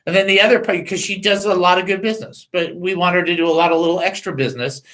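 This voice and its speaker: A middle-aged man hosting a casual talk radio show, joking and rambling in a self-mocking way and reading out phone numbers slowly. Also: sits high, fairly even intonation, a bit bright, poor audio.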